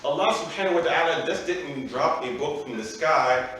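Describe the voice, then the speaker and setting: A man's voice: fairly high pitch, normal speed, a bit bright. A man, an imam, giving an emphatic, explanatory religious lecture to a live audience and often checking in with "right?". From United States. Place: festival venue with an audience. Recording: very echoey room, voice from far off, faint noise.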